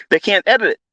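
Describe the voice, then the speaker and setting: A man, a trading educator, ranting bluntly and profanely on a live audio stream, with sudden loud outbursts. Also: mid-range voice, no room sound, poor audio. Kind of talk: live audio-room rant.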